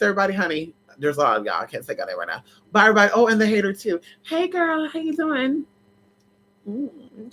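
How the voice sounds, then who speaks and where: Sassy spiritual vlogger, bright and forceful, swooping pitch, on a camera mic. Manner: sassy and dramatic, big swoops in pitch, laughs and shouts. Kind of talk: casual livestream chat.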